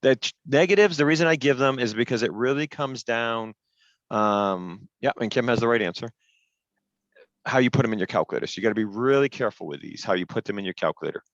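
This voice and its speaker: A man's voice: medium pitch, animated, quick pace, no room sound, highs cut off. A man teaching an online class over a headset, explaining step by step in a patient way and stressing the rules firmly.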